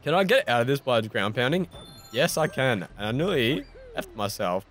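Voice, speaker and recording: An Australian man chatting through a game session with a lively voice that swings up and down. He pokes fun at his own mistakes and swears mildly. Faint game music plays behind him. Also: mid-range voice, normal speed. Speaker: gaming YouTuber. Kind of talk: casual let's-play commentary.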